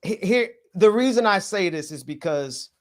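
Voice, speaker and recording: A man's voice: sits high, animated, moderate pace. A man co-hosting a casual podcast chat, talking in an emphatic, preachy way with jokes mixed in. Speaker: podcast co-host.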